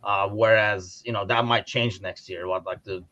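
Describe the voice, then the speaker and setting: A man's voice: lowish voice, steady tone, normal speed, bright, forceful tone, highs cut off. A man hosting a casual livestream chat about sport, rambling with restarts and reading out viewer comments. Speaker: podcast host.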